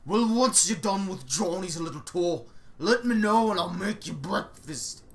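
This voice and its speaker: A woman's voice: on the low side, animated, unhurried, a crowd in the background. Woman doing a doting, fussing cook. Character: gushing motherly cook woman.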